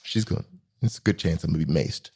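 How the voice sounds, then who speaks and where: Animated man hosting a comedic monologue. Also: fast talker, gravelly, slightly rough. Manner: animated, jumps between high and low pitch, laughs often. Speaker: podcast host.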